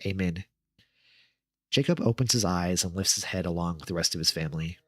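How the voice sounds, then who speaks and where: A man narrating horror stories at a steady, measured pace on a close mic, stopping for short asides. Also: deep voice, no room sound. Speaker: horror story reader, streamer.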